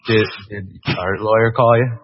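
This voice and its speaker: An actor playing a dim-witted, folksy Canadian comedy host with a Canadian accent, in a dull lo-fi archive clip. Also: male voice, on the low side, steady tone, a little slow, slight background noise, lightly acted. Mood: dopey cheerful. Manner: laid-back, folksy, rambling with "uh" and "eh".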